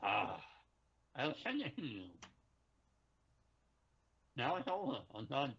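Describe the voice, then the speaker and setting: Halting, word-repeating man on a lo-fi stream. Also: medium pitch, sing-song, creaky, a bit bright, slightly rough. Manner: halting, repeats his words. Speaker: co-host. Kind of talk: casual stream chat. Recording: dull lo-fi sound.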